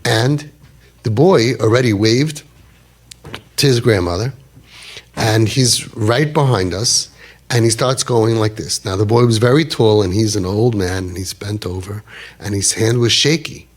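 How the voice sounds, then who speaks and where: A man's voice: lowish voice, measured pace. A man in his fifties telling a personal story animatedly, peppered with Yiddish and Hebrew words. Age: 50s. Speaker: storyteller speaker.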